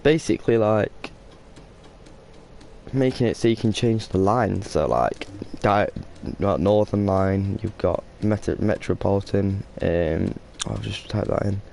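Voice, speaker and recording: Drowsy male streamer, slow and gravelly, dark mellow voice, low-key running commentary. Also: slight background noise. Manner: rambling, drowsy, yawning. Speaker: gameplay streamer. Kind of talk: casual gameplay commentary.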